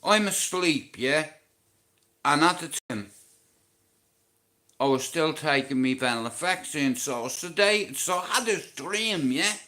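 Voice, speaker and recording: A man's voice: on the high side, lively intonation, a little slow, long pauses, pushed and bright. An Irish man in his late forties, rambling and swearing as he tells jokey stories on a live stream. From Ireland. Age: 40s. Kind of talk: casual live stream rant.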